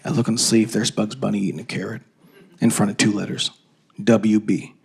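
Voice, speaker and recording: A man in his thirties from Canada performing a stand-up comedy set on stage into a handheld mic, telling stories in an animated way. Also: on the low side, a little fast, creaky, husky. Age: 30s. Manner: animated storytelling, jumps into loud acted-out voices.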